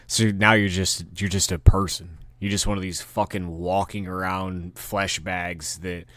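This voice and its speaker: A man's voice: sits low, little pitch movement, a little slow, a bit bright, no room sound. A man hosting a podcast, delivering a rambling, profane rant with angry bursts and frequent restarts. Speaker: podcast host.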